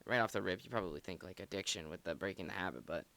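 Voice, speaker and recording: In a casual song analysis chat, a male co-host races through his breakdown of lyrics, rambling earnestly and saying "like" constantly. His low voice comes across pushed and bright, with no room sound.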